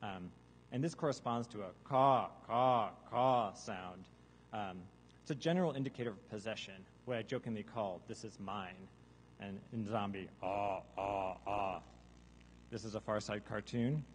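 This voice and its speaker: A man giving a deadpan mock science lecture to a live audience, now and then breaking into loud seagull caws and zombie groans. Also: on the low side, a little hiss or hum, low-quality recording. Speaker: guest artist presenting research. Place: large hall with a live audience.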